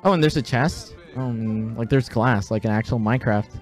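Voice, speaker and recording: A man doing a flat, dry, monotone impression of a young male YouTuber, droning and mock-sincere. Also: medium pitch, moderate pace, soft background music, voice pushed down, lightly acted.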